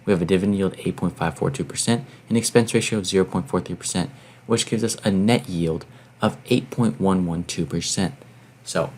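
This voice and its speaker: Low-voiced male vlogger, motivational, explains the math step by step. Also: a little mellow. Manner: motivational, walks through calculations step by step. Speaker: finance channel host. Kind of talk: explaining to camera.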